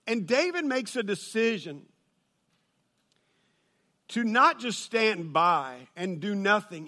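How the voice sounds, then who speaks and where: A man preaching a sermon, telling a funny personal story and building to loud, excited peaks. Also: high voice. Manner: storytelling with humor, rises to shouting. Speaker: pastor.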